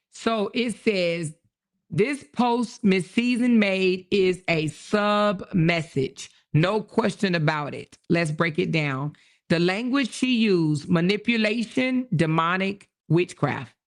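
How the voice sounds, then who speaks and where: A woman hosts a casual livestream and reads viewer comments and messages aloud. Her voice carries a gravelly fry, and she breaks in often with quick exclamations. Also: on the low side. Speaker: livestream host.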